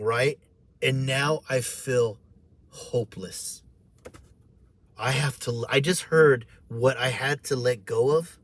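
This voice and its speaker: A man telling an emotional personal story, animated and repetitive, acting out the voices of others as he goes. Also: mid-range voice. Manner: emotional, repeats himself.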